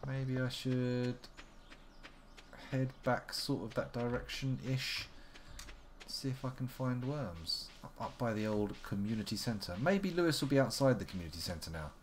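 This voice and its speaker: Talking to himself mid-game, this streamer offers chatty, wry commentary in a mid-range voice, a little on the slow side. Background noise is prominent throughout.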